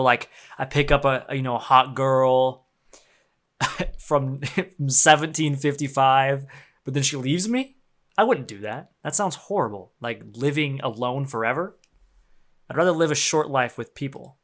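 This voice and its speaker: This gaming streamer is a young man with a medium-pitched, fairly bright voice. While he plays, he keeps up loose commentary full of jokes, slang and curses, wandering from thought to thought.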